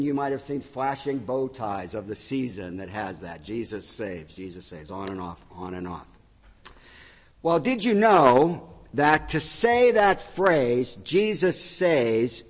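A middle-aged man preaching in a church, his voice sitting a touch high for a man. He tells stories with lively, acted-out energy. The sound carries a long reverb from a large hall. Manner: animated storytelling, acting out shouts. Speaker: pastor. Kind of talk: sermon. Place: church sanctuary.

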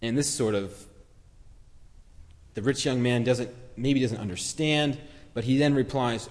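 A man's voice: medium pitch, a little slow, pauses often, in a large hall. A man giving a sermon in a conversational, reflective way, acting out short quotes as he retells a story. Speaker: preacher.

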